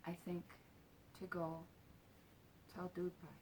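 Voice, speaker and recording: Slow, low-voiced woman telling a story. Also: monotone, a little hiss or hum. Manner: halting and soft-spoken, casual swearing. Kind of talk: personal storytelling.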